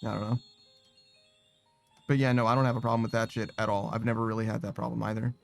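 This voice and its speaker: A man's voice: on the low side, level tone, fast talker, gravelly, soft background music. A man chatting casually while streaming a game, rambling, swearing and laughing at himself. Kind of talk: casual chat while gaming.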